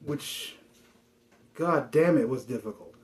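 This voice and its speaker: A man's voice: medium pitch, slow pace. A man giving a frustrated, rambling spiritual monologue full of swearing.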